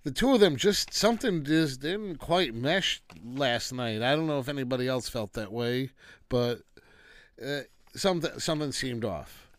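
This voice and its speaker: A man's voice: mid-range voice, animated, normal speed, dry recording. A man giving a rambling, casual solo review of a wrestling show, dismissive at times and breaking into rants.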